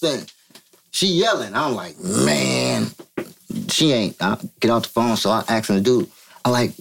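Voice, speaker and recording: A man from Vallejo, California, telling a story as an interview guest, profane and animated, acting out quotes in a higher voice. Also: measured pace, vocal fry, husky. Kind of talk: casual storytelling.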